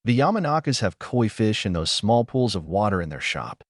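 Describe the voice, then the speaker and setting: A man's voice: lowish voice, sing-song, moderate pace, no echo, clean studio sound. A man reading the lines of a cold, smug teenage boy rival in a fan story, in a scornful way.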